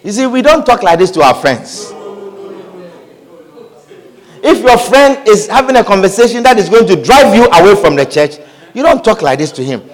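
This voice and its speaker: Pastor, male, high and very animated delivery, acts out quotes mid-sermon. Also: a little fast. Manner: animated preaching, acts out scripture quotes and scenes, laughs often.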